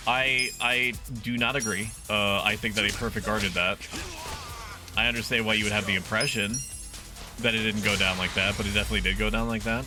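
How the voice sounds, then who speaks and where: A man's voice: lowish voice, a little fast, over music. Crude, joking male game streamer. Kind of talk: casual game-stream commentary.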